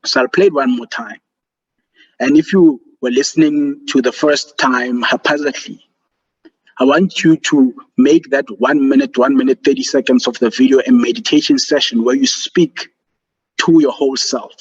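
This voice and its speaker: Man, husky voice, earnest encouraging seminar presenter, video call, muffled lo-fi sound. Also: medium pitch, steady tone, normal speed. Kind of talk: motivational online seminar talk. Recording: dull lo-fi call audio.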